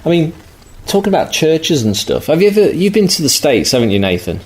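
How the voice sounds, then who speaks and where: A man's voice: fairly high pitch, sing-song. A man co-hosting a podcast. He chats casually and rambles a little. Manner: chatty, rambling, halting. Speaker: podcast co-host. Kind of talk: casual chat. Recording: faint background noise.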